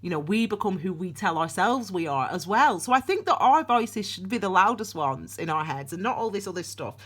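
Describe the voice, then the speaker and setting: Her voice is medium-pitched, a bit bright and husky, and she talks animatedly and a little fast. The young woman gives a loose, chatty tarot reading to camera on her own, repeatedly breaking off and restarting.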